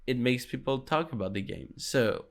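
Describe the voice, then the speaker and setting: A man's voice: mid-range voice, normal speed, creaky. A man co-hosting a gaming news podcast, talking casually with loose fillers. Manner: relaxed, fillers and hedges. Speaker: podcast co-host.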